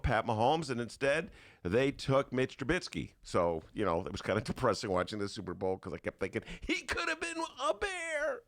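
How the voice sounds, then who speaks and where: An older man hosting a podcast, telling stories in a casual comedic monologue and slipping into put-on voices. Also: mid-range voice. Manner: animated storytelling with put-on voices. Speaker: podcast host.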